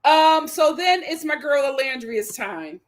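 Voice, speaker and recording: A woman hosting a live reality TV review stream, animated and dramatic, full of slang and talking straight at the people she discusses. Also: sits high, measured pace. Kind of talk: live-stream episode recap commentary.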